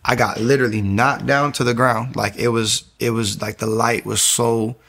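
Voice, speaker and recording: A young man telling a personal faith story in a lively way, acting out what others said and repeating words when he gets excited. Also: medium pitch, normal speed, vocal fry. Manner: animated, acts out quoted voices, repeats words when excited. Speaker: guest sharing a faith testimony.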